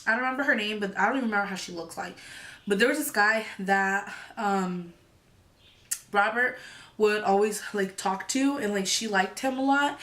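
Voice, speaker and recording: A woman's voice: medium pitch, normal speed, fairly bright tone. A young woman telling a story in a casual, chatty way, full of "like" and "you know", acting out what others said. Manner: acts out quoted lines in the story. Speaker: storytime vlogger.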